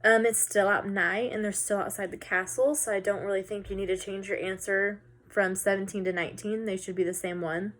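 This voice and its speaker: A woman teacher casually walking students through a recorded lesson, talking in a relaxed way with some filler words. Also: medium pitch, fairly quick, hardly any pauses.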